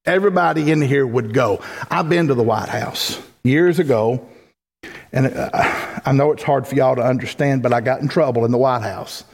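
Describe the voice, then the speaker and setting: A man's voice: mid-range voice, normal speed, gravelly. A man preaching a folksy sermon as pastor, building to emphatic peaks. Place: church sanctuary. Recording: long hall reverb.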